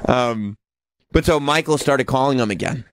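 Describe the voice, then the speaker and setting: A man's voice: medium pitch, normal speed, dry recording. Man, talk radio host, casual sarcastic banter, crude jokes, dry close studio mic. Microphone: studio microphone.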